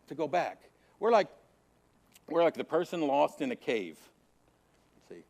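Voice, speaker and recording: Male Sunday school teacher, fairly high voice with gravel, dramatic hushed-to-loud preaching. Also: big pitch swings, a little slow, pauses often. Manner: repetitive, emphatic preaching cadence. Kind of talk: Bible teaching to a congregation.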